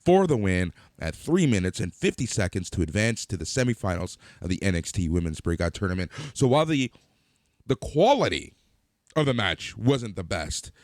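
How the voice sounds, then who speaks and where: A man's voice: lowish voice, very animated, moderate pace, no room sound, clean studio sound. A man co-hosting a podcast, recapping wrestling matches in detail and chatting casually. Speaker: podcast co-host.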